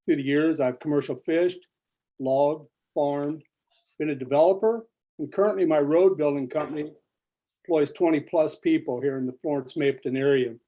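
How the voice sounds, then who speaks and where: Mellow man giving campaign statement. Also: on the high side, normal speed. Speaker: candidate. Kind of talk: opening statement at a forum.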